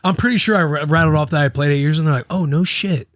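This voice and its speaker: Casual male podcast host, thirties, slightly high voice, dry close mic, rambling and profane. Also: rapid-fire, a bit bright, no echo. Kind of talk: casual podcast chat with ad read.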